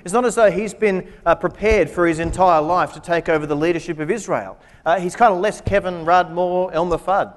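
A man's voice: sits high, a little fast, few pauses. A man preaching a humorous sermon, retelling scripture with wry joking asides. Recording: long hall reverb.

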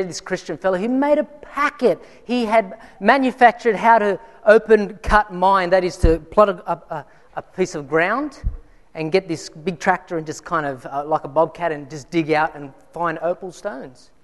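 Man preaching in a reverberant hall. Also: high voice. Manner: conversational storytelling, frequent restarts. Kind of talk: sermon with personal story. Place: church.

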